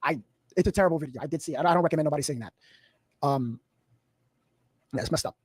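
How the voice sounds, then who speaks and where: A man's voice: on the high side, fast, breathy edge, no echo. A man hosting a livestream, chatting casually and reassuring a caller. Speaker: livestream host.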